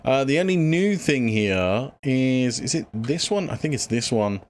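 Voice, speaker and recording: A man's voice: medium pitch, lively intonation, measured pace, darkish tone, slight background noise. A man casually chatting through a livestream, out of breath and rambling with lots of fillers as he thinks aloud. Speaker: streamer. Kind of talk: casual gameplay livestream chat.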